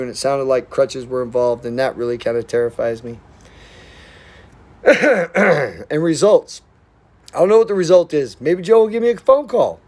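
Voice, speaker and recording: A man's voice: on the high side, darkish tone. A man talking in a rambling, casual monologue, blunt and profane but affectionate and heartfelt. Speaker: vlogger.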